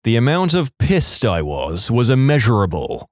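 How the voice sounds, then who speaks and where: A man narrating internet stories for a podcast in a scripted, animated reading style. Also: medium pitch, moderate pace, dry recording, clean studio sound. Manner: animated reading, shouts quoted lines.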